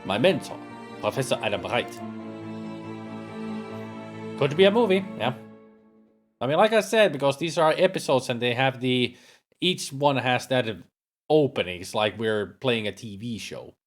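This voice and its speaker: A man streaming a game, reading its dialogue aloud in an expressive way and commenting on it. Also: medium pitch, normal speed, soft background music. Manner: expressive, acts out lines.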